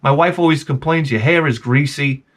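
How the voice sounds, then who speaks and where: An older man hosting a vlog, telling a comic story in an animated, profane way and acting out his own reactions. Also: on the high side, normal speed. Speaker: vlog host.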